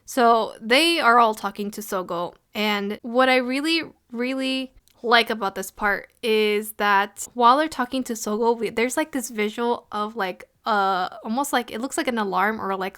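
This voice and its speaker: A woman's voice: fairly high pitch, moderate pace, a bit bright, clean tone. A woman talking through an anime episode in a casual review, earnest and emotional, with many "you know" fillers.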